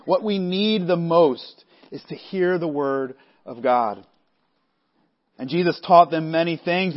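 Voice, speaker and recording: Pastor preaching on a dull recording. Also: male voice, fairly high pitch. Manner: measured preaching with frequent restarts, voicing the disciples conversationally. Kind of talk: sermon.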